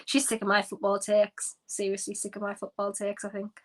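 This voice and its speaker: A woman's voice: mid-range voice, steady tone, brisk, fairly bright tone. A woman hosting a live football watchalong, ranting in exasperation with frequent sighs as she reacts to the match.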